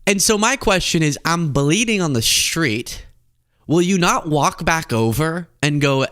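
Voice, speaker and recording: A man's voice: on the high side, unhurried. A young man hosting comedic political commentary, talking animatedly and acting out little scenes. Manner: animated, acts out scenes with voices. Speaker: host.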